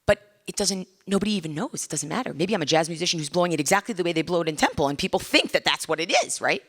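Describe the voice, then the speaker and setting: A middle-aged woman lectures a live audience in a conversational way, often stopping to put questions to her listeners. Her voice sits on the low side but has a bright edge. She acts out little scenes as she explains. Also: expressive, racing. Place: lecture room.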